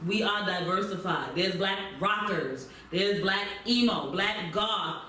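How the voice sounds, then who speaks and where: A woman's voice: medium pitch, slow, bright, forceful tone, slight background noise. Emphatic woman, echoey far-off room. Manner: emphatic, blunt, repeats points for stress. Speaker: podcast co-host. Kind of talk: casual chat.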